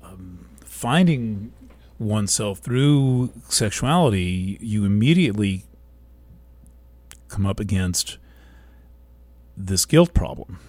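A man hosting a weekly show, talking in a slow, thoughtful monologue that halts and restarts as he searches for words. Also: fairly low pitch, expressive, a little mellow, no echo. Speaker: host. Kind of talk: reflective monologue.

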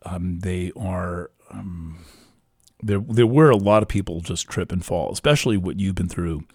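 A man giving an astrology reading in a casual, halting way, with many restarts and fillers. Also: low-pitched, darkish tone, husky, no echo, clean studio sound.

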